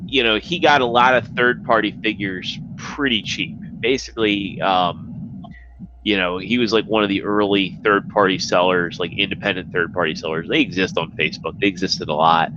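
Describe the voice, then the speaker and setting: A man's voice: sits low, fairly even intonation, moderate pace, highs cut off, noisy background. A man chatting casually as a guest on a livestream, rambling and swearing, full of fillers. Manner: rambling, profane, filler-heavy.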